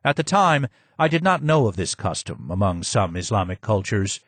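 A man narrating a first-person audiobook in a measured, descriptive way. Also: on the low side, big pitch swings, fairly bright tone, husky, no echo.

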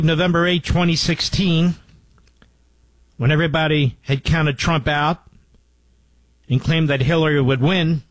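A man's voice: a little high, dry recording, rough recording. A man hosting a talk radio show, speaking emphatically and repeating key points for stress.

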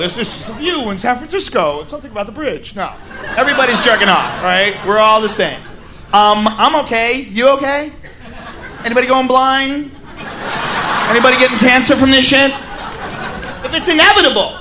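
A young man doing a crude, animated stand-up routine, breaking into shouts at times, on a stage mic. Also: very high voice, brisk, slight background noise. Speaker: stand-up comedian. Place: comedy stage before a live audience.

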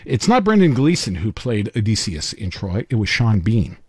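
A man's voice: lowish voice, big pitch swings, normal speed, darkish tone, slightly rough, dry recording, clean studio sound. A man hosting a live radio trivia show, bantering with his co-host and taking callers with easygoing self-deprecating humor.

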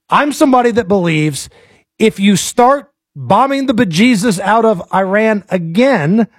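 Man, American accent, talk show host, blunt and animated, high voice. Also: no room sound, studio quality. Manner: blunt and animated, quick bursts of opinion. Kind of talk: casual political talk.

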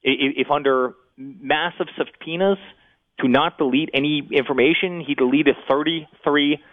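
A man in his forties talking as an interview guest, fast, often repeating words as he starts sentences. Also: fairly high pitch, fairly even intonation. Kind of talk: interview talk. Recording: tinny phone line.

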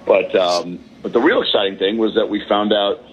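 A man's voice: fairly low pitch, fairly even intonation, normal speed, husky. A man, a comedian calling in from a balcony, chatting in a rambling, self-deprecating way with lots of fillers over a phone line. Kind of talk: casual chat. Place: hotel balcony.

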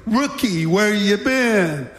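A man's voice: high-pitched, takes it slowly, voice pushed up. A man voicing a sarcastic, condescending veteran male prison guard who bosses around a rookie. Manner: sarcastic, bossy. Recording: echoey hall.

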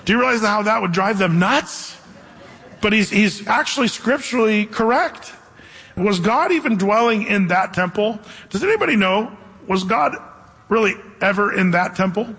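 A man with a high, husky voice preaches a sermon. He talks casually to his congregation and slows down deliberately to read scripture aloud. The sound carries a long reverb, as in a church hall. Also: animated, fairly bright tone. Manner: conversational preaching, reads scripture slowly and deliberately. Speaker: pastor.

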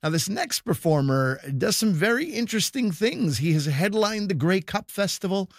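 A man reads scripted introductions for a comedy broadcast in an even announcer's manner. His voice sits a little higher than most men's and the studio sound is dry and close. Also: normal speed, no room sound. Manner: smooth announcer reading. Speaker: radio comedy show host.

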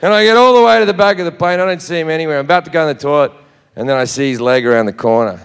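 A man's voice: fairly high pitch, rapid-fire, vocal fry, clean tone. An Australian man telling a profane stand-up story, brash and swearing freely, recorded live in a reverberant hall. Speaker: stand-up comedian.

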